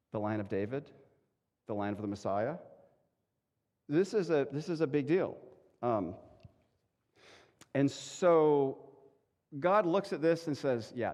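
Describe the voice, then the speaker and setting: A male pastor preaching in a casual, animated way, acting out quick voices of the people in the story. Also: fairly high pitch. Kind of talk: conversational sermon. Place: church sanctuary. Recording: long hall reverb.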